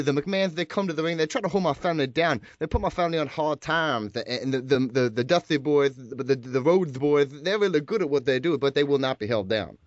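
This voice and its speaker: A man putting on a halting, drawling impression of an older male wrestling legend, his words often repeated. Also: on the high side, dry recording, lightly acted. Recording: dull lo-fi sound.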